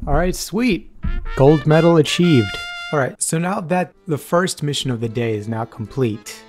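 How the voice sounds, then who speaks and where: An excitable man narrating his own gameplay in a fairly high voice. He laughs and blurts out reactions constantly, switching between panic and amusement as a let's play host. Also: unhurried, soft background music. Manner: excitable, frequent laughs and exclamations. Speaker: gaming YouTuber.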